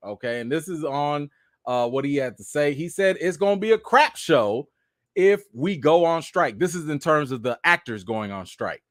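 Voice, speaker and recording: A young man hosts a casual live chat about film news and keeps talking straight to his viewers. His voice sits a little high and swings up and down a lot as he goes. The sound is dry and close, with no room around it. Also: dry recording. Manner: animated, talks straight to viewers with lots of "y'all" and "okay". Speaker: live stream host.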